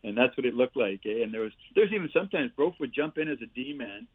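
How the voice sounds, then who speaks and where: A man in his sixties, a former player and coach, tells lively hockey anecdotes in a storytelling interview, laughing and tagging lines with "eh." He talks fast at a medium pitch with a slightly rough voice, heard over a thin, phone-like line that sounds dry and close with no room sound.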